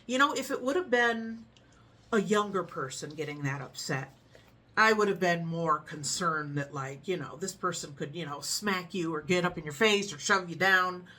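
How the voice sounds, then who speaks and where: A middle-aged woman tells a story in a loose, chatty way, laughing often and keeping a calm, frank tone. Her voice is bright and a little on the low side. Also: moderate pace. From United States. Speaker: vlogger. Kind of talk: casual storytelling chat.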